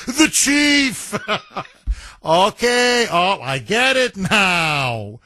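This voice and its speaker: A man's voice: high-pitched, sing-song, drawn-out words, pushed and bright, dry recording. A man hosting a talk radio show, chatting animatedly with jokey asides and laughter. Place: radio studio. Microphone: studio microphone.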